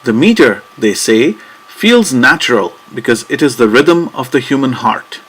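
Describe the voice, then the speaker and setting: A man giving scripted educational narration, reading in a measured, deliberate way and tapping out rhythms with clear emphasis. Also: medium pitch, sing-song, a bit bright.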